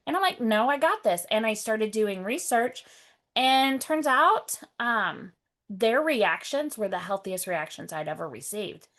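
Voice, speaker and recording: A woman's voice: medium pitch, lively intonation, measured pace, a bit bright. A woman guest speaking candidly about her past, often quoting what others said to her. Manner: candid, wry, quotes others' words. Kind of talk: personal testimony.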